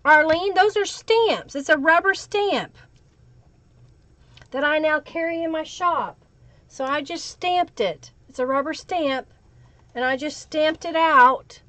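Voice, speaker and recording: A woman with a high, bright-pitched voice hosts a live crafting stream, chatting and thinking aloud as she works. She greets viewers by name. The sound is dry and close, with no room echo. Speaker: craft livestream host. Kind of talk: live crafting tutorial with chat shout-outs.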